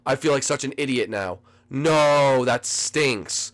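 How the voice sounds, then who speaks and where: A teenage young man giving excitable gameplay commentary to his viewers, dropping to a mumble and then bursting into yells. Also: mid-range voice, takes it slowly, hardly any pauses. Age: late teens. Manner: excitable, swings from mumbling to yelling; addresses viewers as folks. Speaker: gaming video host.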